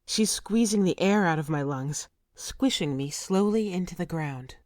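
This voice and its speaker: A woman's voice: on the low side, expressive, normal speed, a little mellow, no echo, studio quality. Woman narrating a tense saga in first person. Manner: vivid, tense storytelling. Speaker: audiobook narrator.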